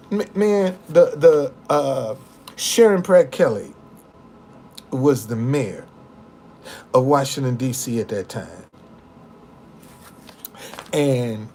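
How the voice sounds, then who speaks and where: An older man telling a personal story in a casual, profane, animated way, often restarting and repeating words. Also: on the high side, slight background noise.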